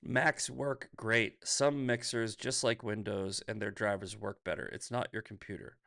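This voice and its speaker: A man's voice: on the low side, fairly even intonation, measured pace, gravelly, a bit bright. A man hosting a livestream, ranting casually and profanely, laughing often and reading viewer comments aloud. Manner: reads chat comments aloud. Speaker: livestream host.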